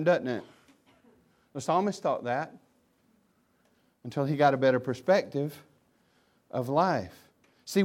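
A man with a high-pitched voice preaches a sermon as pastor. He's impassioned, swinging between loud emphasis and hushed asides.

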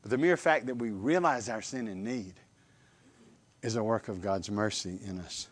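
A man preaching a sermon, emphatic and animated, with repeated phrases and questions to the congregation. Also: fairly low pitch, moderate pace, slightly rough.

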